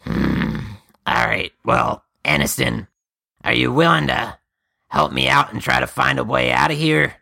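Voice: medium pitch, expressive, unhurried, creaky, bright, forceful tone, no room sound, studio quality. A player in a casual tabletop game who curses and restarts sentences. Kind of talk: tabletop role-play, casual.

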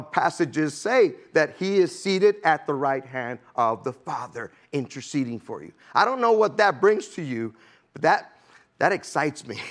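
A man with a high-pitched voice delivers a relaxed, chatty sermon to a congregation. He keeps the crowd engaged by asking "amen?" and "okay?", with a light laugh now and then between points. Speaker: preacher.

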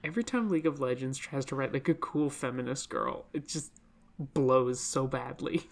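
A low-pitched woman in her late twenties, talking casually as a podcast co-host. She is sarcastic, swears freely and fills her talk with "like". Her delivery is loose and conversational. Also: moderate pace. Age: 20s. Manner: sarcastic, swears, many filler likes.

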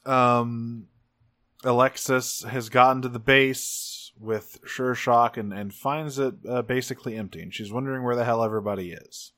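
Animated man recapping with swearing. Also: medium pitch, normal speed. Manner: animated, acts out characters in raised voices, swears freely. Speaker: podcast co-host. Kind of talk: casual recap chat.

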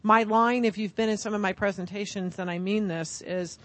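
A woman's voice: mid-range voice, fairly even intonation, normal speed, fairly bright tone. A middle-aged woman giving an upbeat, chatty product presentation at a conference as a vendor.

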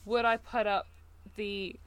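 A woman's voice: mid-range voice, level tone, slow, smooth. A woman co-hosting a podcast in casual chat, thoughtful and wry with easy laughs. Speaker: podcast co-host.

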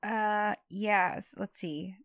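Woman, casual co-host, laughs a lot, dry close sound, slow pace. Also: mid-range voice, fairly even intonation, fairly bright tone, no echo. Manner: laughs often, short agreeing replies. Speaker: podcast co-host. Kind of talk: casual chat.

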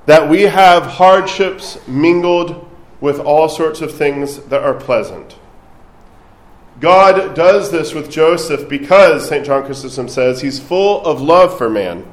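Male priest, sermon, slow unhurried delivery, somewhat high voice, conversational asides. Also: roomy sound, poor audio. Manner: conversational preaching with light asides.

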